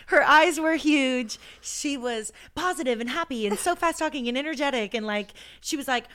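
A woman's voice: sits high, moderate pace, fairly bright tone. A young woman co-hosting a podcast in casual chat, retelling a night out with quoted dialogue and an amused tone. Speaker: podcast co-host.

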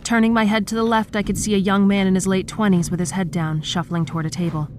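A woman narrating a horror story in a steady, measured storytelling manner. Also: medium pitch. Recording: clear background noise.

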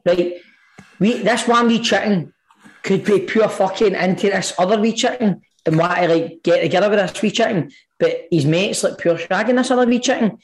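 A Scottish man co-hosting a podcast, telling animated stories with plenty of swearing. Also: sits high, normal speed. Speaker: podcast co-host. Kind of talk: casual chat.

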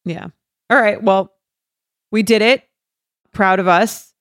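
A woman co-hosting a casual talk show, easygoing and quick to agree. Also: mid-range voice, steady tone, a bit bright, no echo, studio quality. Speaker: podcast co-host. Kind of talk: casual chat.

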